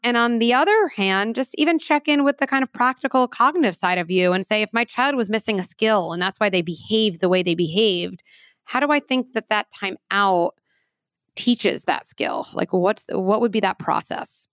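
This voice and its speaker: A woman's voice: mid-range voice, moderate pace, no room sound, studio quality. Earnest woman explaining parenting advice. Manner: warm, earnest, lively with examples. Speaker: parenting expert guest.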